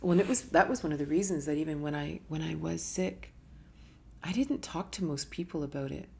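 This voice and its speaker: A woman's voice: low voice, fairly quick, creaky, a little mellow. A middle-aged woman hosting a live question and answer session, talking candidly and emotionally and acting out quoted thoughts, sometimes in a whisper. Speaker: host answering viewer questions. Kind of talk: live Q&A talk.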